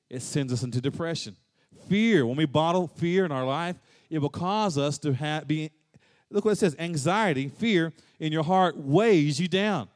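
Man preaching in an echoing hall. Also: on the high side. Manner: dynamic preaching, swings from loud emphatic to soft and hushed. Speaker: pastor. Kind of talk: sermon.

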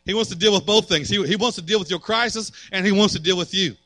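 A man's voice: high-pitched, quick pace, bright, forceful tone, dry recording. A man preaching a sermon as pastor, building fervor and acting out quotes.

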